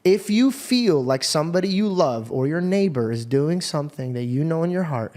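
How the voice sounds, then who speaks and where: A man's voice: on the high side, expressive, normal speed, darkish tone. A man hosting a conversation, telling a personal story in a casual, earnest way, with frequent swearing. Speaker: podcast host.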